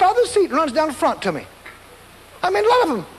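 A man's voice: very high voice, wildly swooping pitch, quick pace, long reverb tail. A man preaching a storytelling sermon, acting out scenes and voices and laughing along as he goes.

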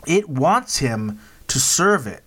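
A man's voice: mid-range voice, sing-song, slow, a bit bright, slightly rough. A man hosting a podcast, casually recapping a horror film with many restarts and "right?" checks. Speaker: podcast host. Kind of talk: casual movie review chat.

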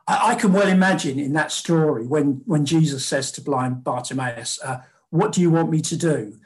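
A man's voice: fairly high pitch, moderate pace, hardly any pauses. A man preaching a sermon in a conversational way, with fillers and acted-out quotes.

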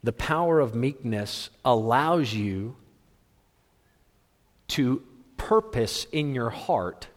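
A man preaching a sermon in a large hall, animated and humorous with a theatrical flair. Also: medium pitch, slow, long pauses. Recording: long hall reverb.

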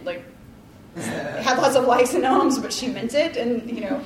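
A woman's voice: fairly high pitch, moderate pace, crowd noise. A woman leading a casual devotional talk, chatty and rambling, with lots of likes and ums and a self-deprecating tone. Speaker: Bible study leader. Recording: roomy, distant mic, faint ambience.

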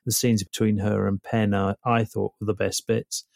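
A man weighs up a film in a measured, wry way. His voice is low and gravelly, and it is recorded dry and close with no room sound. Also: level tone, a little mellow, no echo. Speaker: film reviewer. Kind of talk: casual film review chat.

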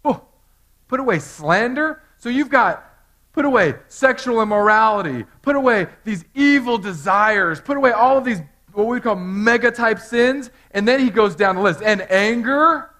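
A man with a fairly high voice preaches from the pulpit. He moves from low, reflective passages into loud, emphatic exhortation and joking asides to his congregation. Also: lively intonation, moderate pace, poor audio. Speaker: pastor. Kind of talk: sermon.

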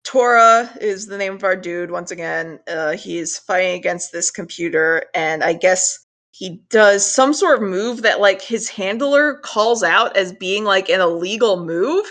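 A woman co-hosting a podcast, chatting casually about an episode, animated and swearing freely. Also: medium pitch, measured pace. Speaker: podcast co-host. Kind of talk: casual recap chat.

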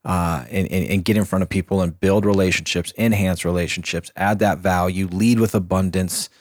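A man co-hosting a studio show, talking through business advice in a thoughtful, rambling, motivational way. His voice is low and the sound is dry and close, with no echo. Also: steady tone, moderate pace. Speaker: co-host. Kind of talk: casual morning show chat.

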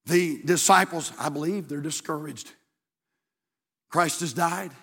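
Pastor, male, high husky voice, sermon delivery that surges to shouts then drops to near-murmurs, long reverb. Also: measured pace, pauses often. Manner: swings from shouted high exhortation to low quiet storytelling. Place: church sanctuary.

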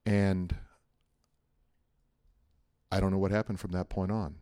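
A middle-aged male pastor telling a personal story in a sermon, animated and joking, often checking in with the listeners. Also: low-pitched, a little slow, clean tone, dry recording, studio quality. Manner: animated storytelling, jokey asides, frequent "right?".

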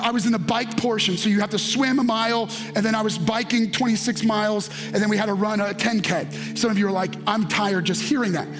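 Guy preaching, very high voice, rhythmic repeats and shouting bits. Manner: preaching with call-and-response, rising to shouts; rhythmic, emphatic repetition. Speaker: pastor. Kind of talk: sermon.

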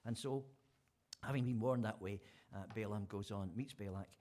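A man's voice: lowish voice, moderate pace, a little mellow. A man preaching an informal sermon, retelling a story in a chatty way with fillers and restarts.

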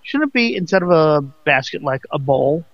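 A man's voice: a little high, sing-song, no echo, lo-fi sound. A man co-hosting a casual radio show, joking and cutting in with questions. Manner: joking, interrupting, quick questions. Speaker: radio co-host.

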